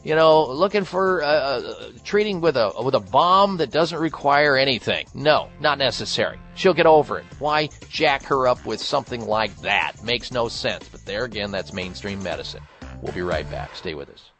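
A man's voice: medium pitch, expressive, moderate pace, fairly bright tone, faint music behind. A middle-aged man hosting a health call-in radio show, chatty and folksy, often repeating himself and restarting. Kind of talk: casual call-in radio talk.

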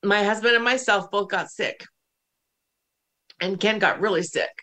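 Middle-aged woman host, casual and emotional storyteller, mid-pitched. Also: unhurried, sharp tone. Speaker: podcast host. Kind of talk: casual conversation.

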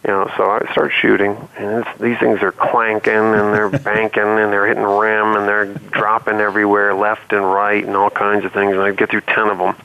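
A man's voice: lowish voice, monotone, moderate pace, creaky, hardly any pauses, smooth. A man guest telling a personal story earnestly in a casual conversation, heard over a call line. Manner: earnest storytelling with many restarts. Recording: tinny phone-like line.

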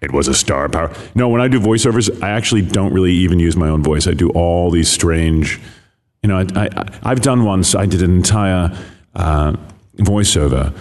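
A male radio host with a slightly gravelly voice. His pitch sits very low, and he talks casually, jumping between thoughts and restarting sentences as he chats with his guest. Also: moderate pace, a little mellow. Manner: rambling, chatty, with many restarts. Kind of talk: casual interview chat.

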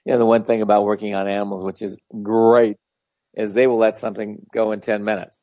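A man's voice: on the low side, flat delivery, a little fast, mellow, no echo. A man giving a casual, rambling talk as a spiritual teacher, blunt and full of anecdotes. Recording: dull lo-fi audio.

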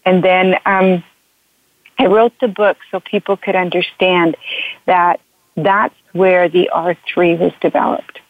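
A woman's voice: lowish voice, flat delivery, slow, no room sound. Woman guest on a phone call, earnest and emotional, repeats herself a lot, dry tinny sound. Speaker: author and couples counselor, interview guest. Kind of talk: candid interview storytelling.

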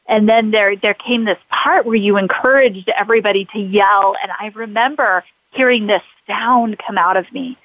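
A woman's voice: mid-range voice, moderate pace, few pauses, dry recording. Woman host, muffled dry recording. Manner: personal storytelling with frequent fillers and restarts. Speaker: podcast host. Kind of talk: conversational interview.

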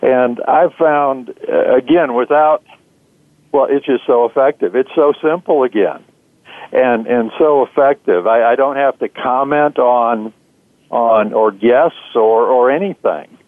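A man, an author being interviewed, answering in a measured way with frequent "uh" fillers. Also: medium pitch, no echo. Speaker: author and guest. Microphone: phone. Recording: tinny dry phone line.

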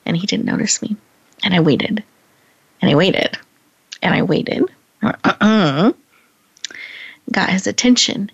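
A woman hosting a podcast, telling a personal story in a chatty way, laughing often and slowing down for emphasis. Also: fairly low pitch, expressive, vocal fry, husky, highs cut off. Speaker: podcast host.

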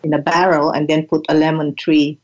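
An older woman telling reflective stories in an unhurried, halting way, often repeating words as she thinks. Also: sits low, flat delivery, darkish tone, muffled recording. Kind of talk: reflective storytelling.

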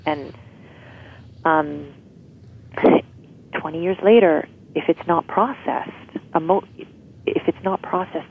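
A woman's voice: low voice, gravelly, breathy edge. A woman guest explaining emotional healing in an interview, often checking in with "right?". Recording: tinny phone-like line.

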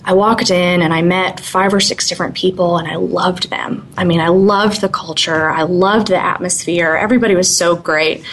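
A woman's voice: lowish voice, a bit bright, a little hiss or hum, rough recording. A woman in her twenties telling her story as an interview guest, chatty with frequent little laughs and fillers.

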